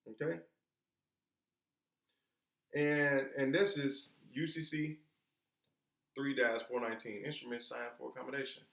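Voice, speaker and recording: A man's voice: fairly high pitch, fairly bright tone. A man giving an informal lesson, emphatic and colloquial, posing rhetorical questions and then answering them himself. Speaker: instructor. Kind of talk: informal teaching talk. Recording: echoey room.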